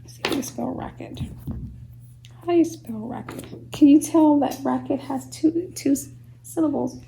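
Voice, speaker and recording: A homeschool teacher gives young children a phonics lesson, sounding out words slowly and patiently and sometimes dropping to a whisper. Her voice is high with a gravelly edge and a mellow, darker tone. The audio is poor, with faint background noise underneath.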